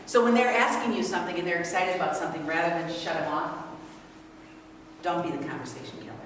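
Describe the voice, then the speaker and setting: A woman's voice: lowish voice, fast talker. Older woman speaking far off in a hall. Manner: animated, asks the audience questions. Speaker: speaker leading a parent workshop. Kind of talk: interactive talk to an audience. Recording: echoey hall from far off, noisy.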